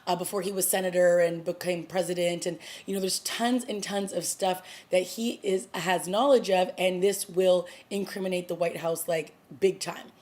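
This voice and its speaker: A woman vlogger casually recapping a TV episode, chatty and animated, acting out the characters' lines as she goes. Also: fairly low pitch, moderate pace, hardly any pauses. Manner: chatty, animated retelling with acted-out quotes. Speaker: TV review vlogger.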